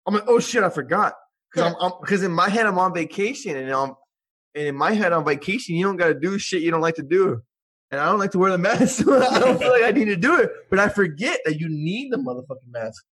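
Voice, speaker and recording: A young man co-hosting a podcast, tipsy and slurring, bantering loudly with laughs and swearing. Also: high voice, lively intonation, fast, husky. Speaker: podcast co-host. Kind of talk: casual chat.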